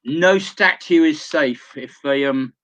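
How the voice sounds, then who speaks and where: A man's voice: on the high side, slow pace, a bit bright, no echo, low-quality recording. An English man, a guest on a video call, talking in a wordy, mock-pompous way. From England.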